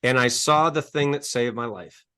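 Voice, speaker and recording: A man speaks as an interview guest, telling a personal story in an earnest, emphatic way. His voice sits at an ordinary middle pitch for a man. He often repeats words and phrases to drive a point home. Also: normal speed, sharp tone, clean tone. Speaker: guest, coach and author.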